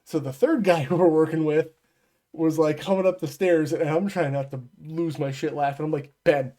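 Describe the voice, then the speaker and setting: A slightly higher-voiced man on a headset tells long, rambling work stories in casual podcast chat. He swears a lot, trails off and keeps losing his place, then jumps back in. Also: steady tone, moderate pace, mellow. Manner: rambling, profane, loses his train of thought. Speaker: podcast co-host.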